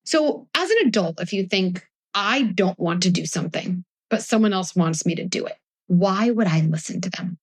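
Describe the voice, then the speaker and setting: A woman in her forties, a parenting expert speaking to a live audience, animated and acting out little scenes with her children in shifting voices. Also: on the low side, moderate pace, no room sound. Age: 40s. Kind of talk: live talk before an audience.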